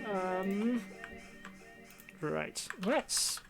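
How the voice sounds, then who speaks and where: Live-stream music producer, casual thinking aloud, lively pitch with a rough fry. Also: drawn-out words. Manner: thinking aloud, self-deprecating, trial and error. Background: faint music playback.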